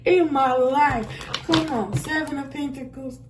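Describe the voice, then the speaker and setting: A woman's voice: sits high, measured pace, heavy background noise. A woman giving a casual spoken tarot reading, blunt and profane and laughing often. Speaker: tarot reader.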